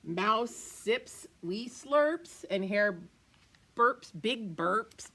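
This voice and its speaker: A woman teacher reading a picture book aloud to her class, expressive and playful, with asides to the children. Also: fairly high pitch, very slow.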